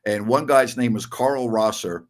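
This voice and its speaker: A man's voice: mid-range voice, a little slow. A man in his sixties from New York, hosting a podcast and telling rambling stories with chuckles. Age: 60s. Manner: rambling storyteller, chuckles often. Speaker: podcast host. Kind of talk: casual chat.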